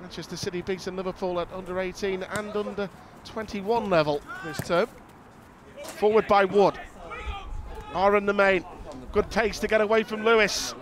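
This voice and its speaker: A man commentating on football match highlights, calm between chances and jumping up loud at goals. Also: normal speed, background noise. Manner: rises sharply and loud when goals go in. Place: outdoors at a windy football ground.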